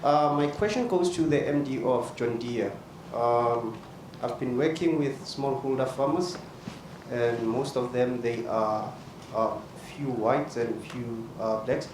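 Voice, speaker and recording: A man's voice: mid-range voice, slow pace, noisy background. A man from Africa, hesitantly asking a question from the audience. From South Africa. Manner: hesitant, filler-heavy. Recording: distant echoey hall with loud ambience.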